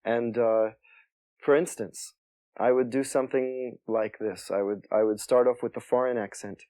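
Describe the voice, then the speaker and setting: A soft-spoken male comedian telling stories in an interview, halting and restarting as he talks. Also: mid-range voice, fairly even intonation, dry recording. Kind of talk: interview storytelling.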